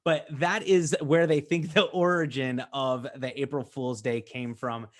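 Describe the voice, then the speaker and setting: A man in his thirties from the United States hosts a casual training webinar, chatty and upbeat, with fillers and asides. His mid-range voice holds a steady tone at a measured pace.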